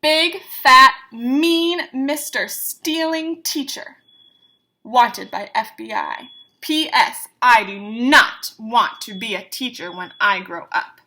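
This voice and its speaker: A woman's voice: high voice, lively intonation, normal speed, hardly any pauses. A woman reading a picture book aloud, voicing an eager, bold little mouse girl in a storybook.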